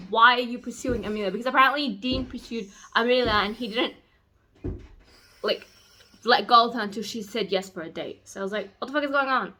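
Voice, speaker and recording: A young woman chatting casually as she recaps a novel, gushing and excitable, now and then breaking into loud squeals. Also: on the high side, a little hiss or hum. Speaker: book vlogger.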